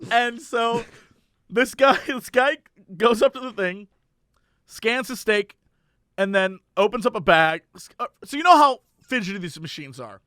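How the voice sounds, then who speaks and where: A man's voice: high voice, animated, measured pace, pushed and bright, no room sound, clean studio sound. A man co-hosting a podcast, animatedly telling a funny anecdote, acting out voices and laughing as he goes. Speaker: podcast co-host. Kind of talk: casual storytelling chat.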